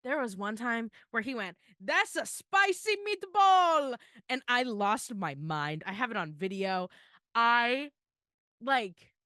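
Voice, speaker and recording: A woman's voice: medium pitch, unhurried, no room sound, clean studio sound. A young woman co-hosting a podcast, chatting casually and gushing with emotion, full of "like" fillers. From Florida. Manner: gushing, tearful excitement, lots of "like". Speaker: podcast co-host.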